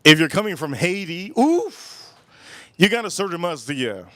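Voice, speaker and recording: In Miami, a man hosts a cigar review livestream, his voice on the high side, expressive, quick, pushed and bright, with no room sound. He chats casually and rambles, repeating his phrases and acting out the voices of people he quotes.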